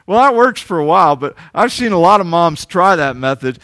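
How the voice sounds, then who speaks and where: A man preaching a sermon as pastor, earnest, moving from lively passages to hushed, tender ones. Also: sits high, fairly quick, no room sound, clean studio sound.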